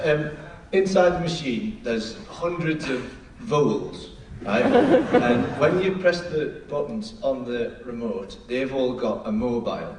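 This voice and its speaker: A man's voice: medium pitch, lively intonation, takes it slowly, hardly any pauses, noisy background. A man on a live comedy panel, improvising a rambling, hesitant nonsense answer. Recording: echoey, distant live theatre recording with a loud crowd.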